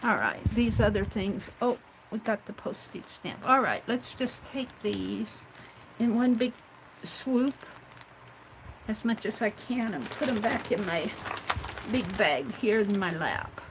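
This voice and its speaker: A woman's voice: medium pitch, expressive, slow pace, background noise. A woman hosting a casual craft livestream, chatting to herself and viewers as she tidies her supplies at home. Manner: chatty, talks herself through tidying up.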